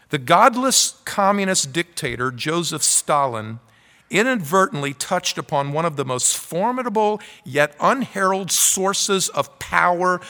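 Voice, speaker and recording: A man's voice: a little high, sharp tone, in a large hall. A man preaching a sermon from the pulpit, earnestly reading aloud from a quoted article. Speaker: pastor. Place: church sanctuary.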